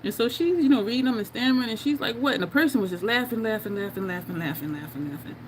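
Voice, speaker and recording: Chatting quickly and expressively in a fairly high voice, a woman does her makeup on a casual livestream. She laughs frequently and reads comments from viewers out loud, over slight background noise.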